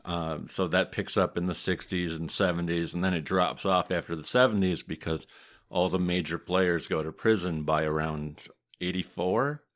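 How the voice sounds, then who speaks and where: Deep-voiced Midwestern man telling history. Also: normal speed. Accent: Midwestern American. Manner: steady, matter-of-fact storytelling with dry humor. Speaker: podcast host, mafia historian. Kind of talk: casual podcast chat.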